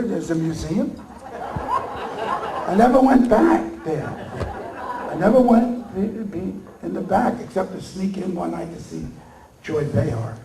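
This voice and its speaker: A man, rambling through a joking acceptance speech and bursting into loud bits. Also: high-pitched, creaky, noisy background. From Brooklyn, New York. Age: 80s. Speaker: comedian accepting an award. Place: large banquet hall with an audience. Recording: echoey hall, mic far off, crowd laughter.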